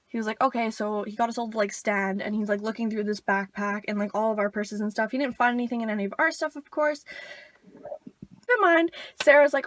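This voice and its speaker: A woman's voice: a little high, a bit bright, no room sound. Chatty young woman telling a story. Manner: chatty, lots of "like", laughs while telling. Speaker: vlogger. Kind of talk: casual storytime vlog.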